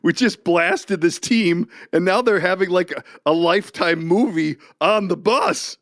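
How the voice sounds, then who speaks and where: A man's voice: high-pitched, measured pace, no room sound, clean studio sound. A middle-aged man co-hosting a podcast, telling stories in a casual chat and laughing often. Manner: animated storyteller, laughs often. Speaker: podcast co-host.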